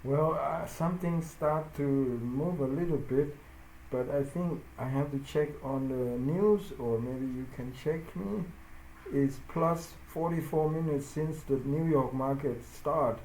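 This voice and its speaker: Slow, halting man in a roomy space. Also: fairly high pitch, darkish tone. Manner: halting, searching for words, non-native grammar. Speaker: forex trader. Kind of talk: casual live trading chat. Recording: roomy with faint noise.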